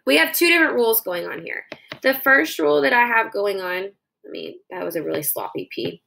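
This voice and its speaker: A woman's voice: a little high, lively intonation, fairly quick, gravelly, bright, forceful tone, low-quality recording. A young woman teaching children a phonics dictation lesson, sounding out words syllable by syllable into her phone.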